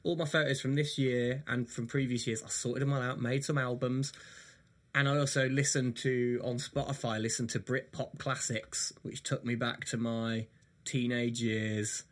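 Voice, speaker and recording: A man's voice: medium pitch, little pitch movement, moderate pace. A man co-hosting a podcast in casual chat, teasing and asking curious questions. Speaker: podcast co-host.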